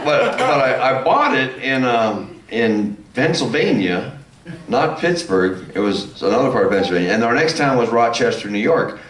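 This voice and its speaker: A former circus clown on a convention panel telling a long anecdote, rambling with restarts and self-mocking laughs. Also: male voice, medium pitch, very animated, normal speed, fairly bright tone, a little hiss or hum. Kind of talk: telling a funny anecdote to an audience. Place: convention hall. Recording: echoey hall, mic some distance off.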